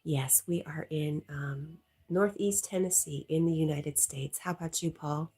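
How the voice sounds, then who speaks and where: Low, husky woman chatting on a livestream. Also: measured pace, warm tone. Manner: chatty, reads viewer comments aloud, laughs often. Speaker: livestream host reading chat. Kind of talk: casual live chat.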